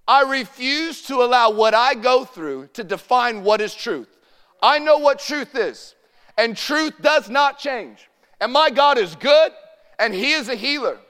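A man preaching with fervor, his voice notably high and ringing clean. He rises to shouts and drops to near-hushed tones. The sound carries with a long reverberation, as in a church hall. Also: lively intonation, measured pace, clean tone. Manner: impassioned preaching, shouting at peaks and dropping to a hushed tone. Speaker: pastor. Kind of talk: sermon.

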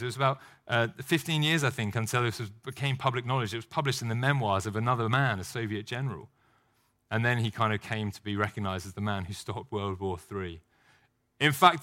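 A man's voice: medium pitch, pushed and bright. A man preaching a sermon, telling a story and acting out short outbursts. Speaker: pastor.

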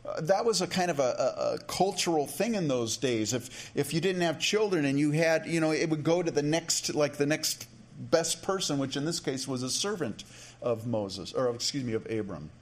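A male pastor preaching a sermon in a relaxed, conversational way, with frequent restarts and asides. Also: a little high, normal speed.

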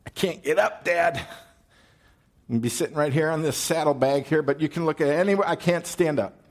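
A man's voice: on the high side, moderate pace, pitched above the performer's own voice, close to an everyday voice. A preacher voicing a young woman who sits firm and pleads a coy excuse. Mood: coy pleading.

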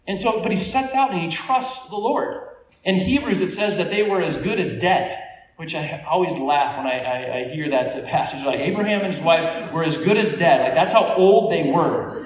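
High-voiced man preaching in an echoey hall. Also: moderate pace, a little hiss or hum. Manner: conversational, animated storytelling with laughs. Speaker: pastor. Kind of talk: sermon. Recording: echoey room, voice from a distance.

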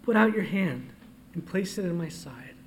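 A man preaching a sermon as pastor. He moves from quiet asides to loud, emphatic declarations and reads scripture aloud. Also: sits high, lively intonation, moderate pace, a little hiss or hum.

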